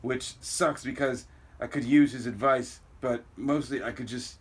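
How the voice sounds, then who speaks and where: A man reading a comic aloud, voicing a weary, worried teen boy superhero in a low, subdued inner monologue. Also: steady tone, measured pace, husky. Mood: troubled. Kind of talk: comic book read-aloud.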